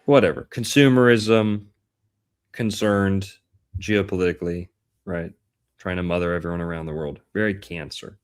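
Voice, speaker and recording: A man's voice: low-pitched, fairly even intonation, moderate pace, clear, resonant tone. A man hosting a casual podcast chat about astrology, playful and punning, stretching out words for emphasis. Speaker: podcast host.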